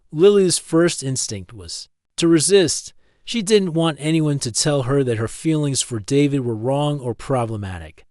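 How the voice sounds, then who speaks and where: A man narrating a written story in a steady, even scripted reading. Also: mid-range voice, no room sound, clean studio sound.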